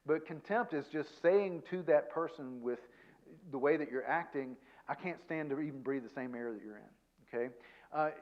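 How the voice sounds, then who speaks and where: A man giving a conversational seminar talk as a guest counselor, self-deprecating and tagging his points with quick check-ins to the audience. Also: fairly high pitch, dull audio. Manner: chatty, self-deprecating, peppers points with "okay?" and "right?".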